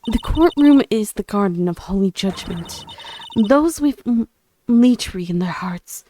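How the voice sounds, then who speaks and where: A woman's voice: medium pitch, lively intonation, a little slow, dark tone, slight background noise, close to an everyday voice. A woman doing a bubbly, boastful old nun. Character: chirpy elderly female head nun, boastful. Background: game music.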